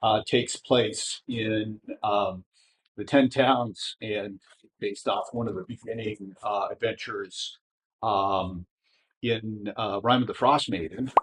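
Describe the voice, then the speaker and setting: A man narrating as game master of a tabletop game, speaking hesitantly with many pauses and restarts. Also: on the low side, steady tone, slight background noise.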